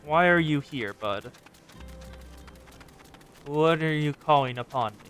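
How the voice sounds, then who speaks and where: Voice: medium pitch, normal speed, fairly bright tone, faint music behind. Rambling, chatty game streamer. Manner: chatty, rambling, addresses chat. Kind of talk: casual live-stream commentary.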